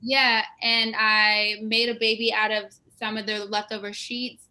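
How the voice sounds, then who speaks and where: Woman, actress, interview guest, enthusiastic storyteller, bright voice, monotone pitch. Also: measured pace. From West Africa. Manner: enthusiastic, storytelling, restarts often. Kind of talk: casual interview conversation.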